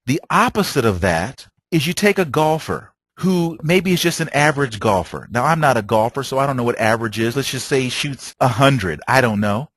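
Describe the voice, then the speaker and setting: A man's voice: mid-range voice, animated, brisk, hardly any pauses, a bit bright, dry recording. A man training travel agents in a motivational sales talk, telling stories and asking rhetorical questions. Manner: preachy, storytelling with rhetorical questions.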